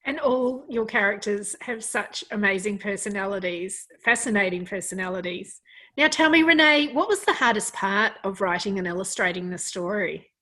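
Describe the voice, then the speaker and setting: A woman's voice: medium pitch, animated, normal speed, bright, forceful tone, rough recording. A woman interviewing an author, enthusiastic and full of compliments. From Australia. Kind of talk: interview hosting.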